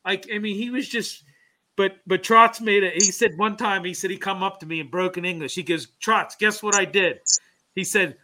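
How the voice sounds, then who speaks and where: Rambling, bright-voiced male hockey co-host. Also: sits high, steady tone, brisk. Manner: rambling storyteller, many "you know" fillers. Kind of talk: casual sports chat.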